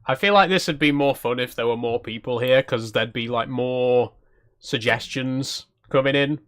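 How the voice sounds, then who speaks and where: A male streamer chatting through a cozy game with a small audience. His voice sits at an ordinary middle pitch, and he keeps up a casual, self-mocking patter broken by frequent laughs. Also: normal speed, fairly bright tone. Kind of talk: live stream gameplay commentary.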